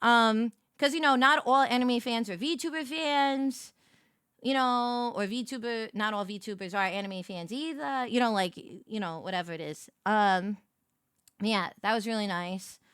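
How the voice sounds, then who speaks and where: A young woman streaming as a VTuber, telling a story in casual chat and greeting her viewers with big, bright jumps in her voice. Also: fairly high pitch, a little slow, clear, resonant tone, no room sound, studio quality.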